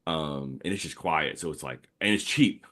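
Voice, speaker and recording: A man's voice: rumbling low, normal speed. A man from the New area, telling stories in a casual podcast chat. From New Orleans area, Louisiana. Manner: animated storytelling with laughs. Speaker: guest comic artist.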